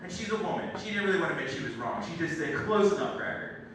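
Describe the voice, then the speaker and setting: Animated young comedian, echoey distant room. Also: male voice, fairly high pitch, rapid-fire. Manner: animated storytelling, acting out the people in his stories. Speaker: stand-up comedian. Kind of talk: stand-up comedy set. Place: live comedy theater stage. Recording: echoey, distant room recording with background noise. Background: audience laughter and room ambience.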